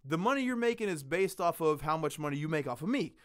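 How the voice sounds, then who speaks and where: A man hosting a podcast in casual chat, ranting with lots of swearing and animated storytelling. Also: fairly high pitch, fast, clean tone. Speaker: podcast host.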